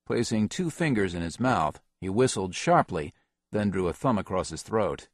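A man reads an action novel aloud in a steady, even narration. His voice is very low. The recording is dry and close, with no room sound. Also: moderate pace, dry recording. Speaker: audiobook narrator. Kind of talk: scripted narration.

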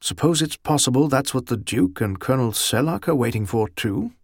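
Brief: calm young lieutenant, soothing and dryly ironic, gravelly tone, voiced by a male audiobook reader. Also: medium pitch, a little fast, no echo, studio quality. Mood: wry.

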